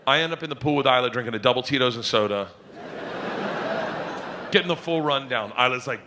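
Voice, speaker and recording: A middle-aged man doing stand-up comedy, telling loud, animated stories on a live stage as the audience laughs. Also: mid-range voice, fairly quick, pauses often. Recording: live venue with loud crowd noise.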